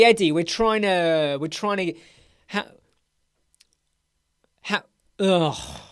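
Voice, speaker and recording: A man's voice: a little high, no room sound, clean studio sound. An English man hosting a casual live Q&A stream from a room at home, chatty and playful, rambling between questions. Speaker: web design live stream host.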